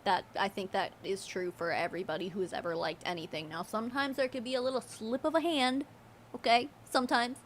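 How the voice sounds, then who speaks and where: A woman's voice: mid-range voice, fairly even intonation, brisk, a little hiss or hum. A young woman giving sarcastic, incredulous commentary while reacting to a livestream, mocking and often laughing.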